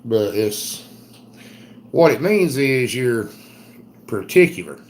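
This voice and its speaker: A middle-aged man with an Eastern North Carolina Southern accent, chatting casually on a livestream in a folksy, drawn-out storytelling way. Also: mid-range voice, very animated, a little hiss or hum. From Southern United States. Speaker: livestream host. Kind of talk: casual live chat reading comments.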